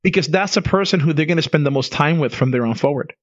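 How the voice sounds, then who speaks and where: A man's voice: fairly high pitch, fast talker, no room sound, highs cut off. A man co-hosting a casual conversation podcast, talking emphatically and laughing often. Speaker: podcast co-host.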